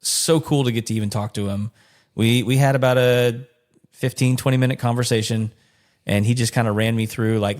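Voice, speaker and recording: A man co-hosting a home podcast in relaxed casual chat, quick with a joke. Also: mid-range voice. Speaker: podcast co-host.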